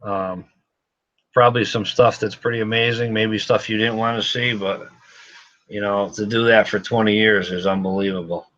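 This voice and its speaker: On a casual gun shop livestream, the host speaks to viewers at a normal pace in a fairly low, fairly even voice with a somewhat bright tone. His delivery is frustrated, repetitive and muttered, captured in slightly dull lo-fi sound.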